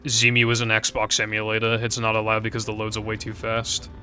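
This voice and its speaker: A man's voice: on the low side, completely flat delivery, brisk, sharp tone, faint music behind. A young man chatting casually to his stream viewers, rambling and hesitant with frequent fillers and casual swearing.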